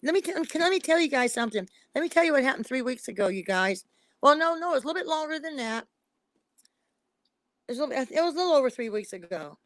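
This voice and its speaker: High-voiced woman, emphatic and pleading. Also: lively intonation, quick pace, no room sound. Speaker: psychic reader, guest on a live stream. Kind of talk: emotional casual live-stream talk.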